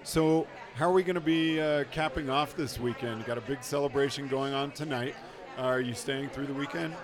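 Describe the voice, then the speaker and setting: A man's voice: mid-range voice, fairly even intonation, normal speed. Upbeat interviewer, man, crowd behind. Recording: crowd noise outdoors.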